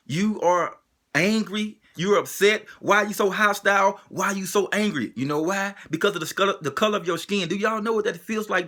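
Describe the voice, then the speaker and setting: A man's voice: high voice, bright, forceful tone. A man delivering an emotional spoken monologue, driving it forward with the same pointed rhetorical question again and again.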